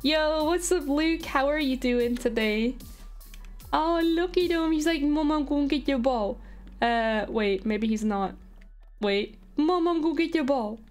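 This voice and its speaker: A woman streaming a video game live, gushing and excitable as she chats with her viewers. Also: high-pitched, unhurried. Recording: faint background music.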